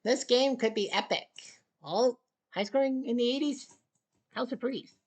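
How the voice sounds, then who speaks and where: A woman giving play-by-play commentary on a table hockey game, with excited goal calls and sarcastic asides to the viewers. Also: on the high side, unhurried, very noisy.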